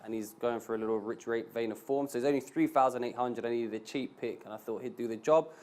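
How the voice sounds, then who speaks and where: A man guesting on a casual sports panel as a stand-up comedian. He walks through his football picks in a plain, unhurried way. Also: medium pitch, a little mellow.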